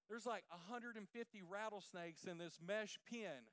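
A man preaching a sermon through folksy, emphatic, animated stories. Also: sits high, normal speed, few pauses, dry recording. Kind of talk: storytelling sermon.

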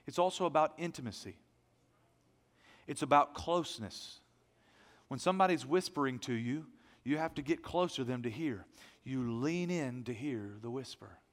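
A pastor preaching a sermon, animated, moving between loud emphasis and hushed asides. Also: male voice, mid-range voice, in a large hall.

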